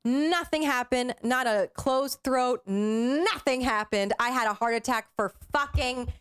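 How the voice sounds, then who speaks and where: A young woman co-hosting a podcast, telling a story casually, animated and full of fillers, acting out what people said. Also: sits high, unhurried, clean tone. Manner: animated, acts out quoted voices, filler-heavy. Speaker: podcast co-host.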